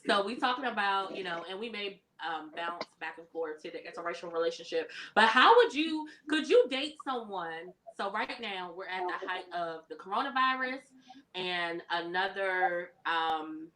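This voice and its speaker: A woman hosting a casual panel chat, animated and quick to laugh as she puts questions to the panel. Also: on the low side, low-quality recording. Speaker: host.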